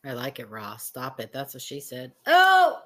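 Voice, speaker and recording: A woman's voice: a bass voice, steady tone, normal speed, a bit bright. A woman chatting casually as co-host, with playful, teasing asides. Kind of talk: casual chat.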